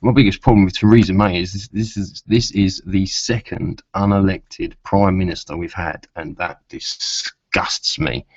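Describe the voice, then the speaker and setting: A man's voice: deep voice, steady tone, measured pace, few pauses, breathy edge, dry recording. A man chatting casually to camera in a rambling way, with many asides, and swearing when riled. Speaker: vlogger. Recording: dull lo-fi sound.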